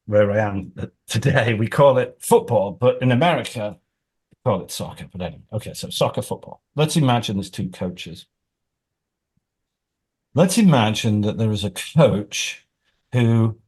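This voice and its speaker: A man who works as an executive coach, explaining his points through lively examples and scenarios. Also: lowish voice, breathy edge. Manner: animated storyteller.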